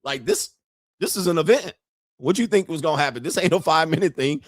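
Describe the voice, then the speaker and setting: A man's voice: on the high side, quick pace, no room sound. Profane, joking male commentary host. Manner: profane, joking, animated storytelling. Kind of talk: casual commentary.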